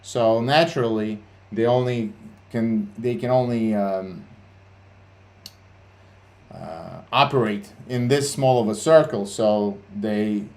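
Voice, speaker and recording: A man's voice: on the low side, takes it slowly, a little mellow. A man hosting a trading livestream, talking bluntly and swearing a lot, with many fillers and restarts. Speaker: CEO and livestream host. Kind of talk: casual livestream talk.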